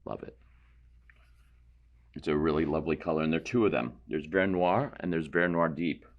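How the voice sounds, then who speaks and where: Painting instructor, man, deep voice, relaxed explanatory studio demo. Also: moderate pace, muffled recording. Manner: relaxed, explanatory, thinks aloud while painting, self-deprecating asides. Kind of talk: painting demonstration.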